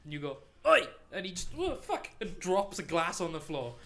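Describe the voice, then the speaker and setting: A man's voice: fairly high pitch, a little fast, fairly bright tone. A man running a tabletop game as game master, narrating in a rambling way. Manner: rambling, with many restarts and laughter.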